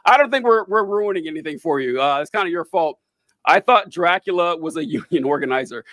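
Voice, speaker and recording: A man's voice: on the high side, lively intonation, a little fast, a bit bright, dry recording. A young man co-hosting a podcast, chatting casually and wryly about a movie, rambling and interrupting himself. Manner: rambling, self-interrupting, wry. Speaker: podcast co-host. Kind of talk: casual movie review chat.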